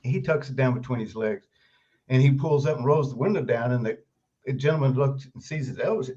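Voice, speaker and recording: A man's voice: mid-range voice, brisk. Older man telling stories over a dull call line. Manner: animated anecdotes, laughs often while telling. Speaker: guest author. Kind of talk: storytelling interview. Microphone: video call. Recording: dull lo-fi remote call audio.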